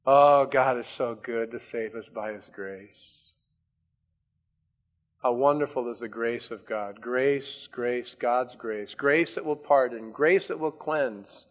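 A man preaching a sermon as a pastor, stressing and repeating key words with slow, deliberate emphasis. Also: mid-range voice.

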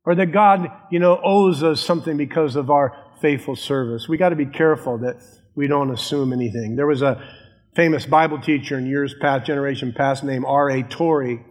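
A man's voice: mid-range voice, a little fast, long reverb tail. An older man, a pastor of many decades, preaching an earnest sermon and repeating his key lines.

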